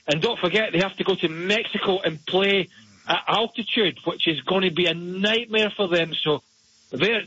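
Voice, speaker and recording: A man breaks down soccer matches with blunt, frank opinions. His voice is fairly high for a man and bright, with a husky edge. The sound is dry and a little dull. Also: no room sound. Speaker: soccer analyst. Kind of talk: radio sports analysis. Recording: dull, lo-fi remote line.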